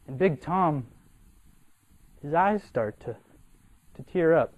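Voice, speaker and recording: A young man from Massachusetts, a cadet, giving an animated, humorous storytelling speech for a competition and acting out the people in his story. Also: on the high side, measured pace, long pauses. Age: young adult.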